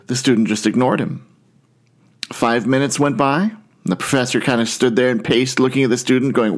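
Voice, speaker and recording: A man's voice: mid-range voice, moderate pace. A man preaching a sermon as pastor, opening with a conversational story and acting out quoted voices.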